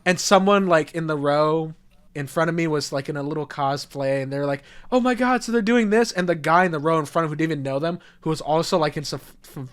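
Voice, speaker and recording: A young man co-hosting a casual podcast speaks in a clean-toned, slightly high voice. He tells stories animatedly, swears, and acts out what people said.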